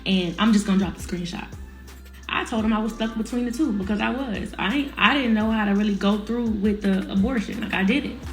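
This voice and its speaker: A woman's voice: medium pitch, fairly quick, soft background music. A young woman telling a personal story in casual, slangy talk, speaking straight to her viewers. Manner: candid, slangy, addresses viewers directly.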